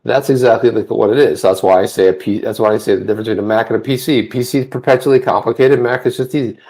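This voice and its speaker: A man co-hosting a casual livestream chat, rambling with many restarts and getting animated when he rants. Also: medium pitch, quick pace. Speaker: co-host. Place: home office.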